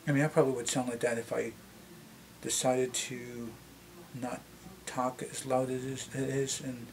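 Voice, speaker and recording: A middle-aged man with a Canadian accent and a slightly deep voice, chatting casually to camera and rambling with many restarts. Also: flat delivery, moderate pace, slight background noise. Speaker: vlogger.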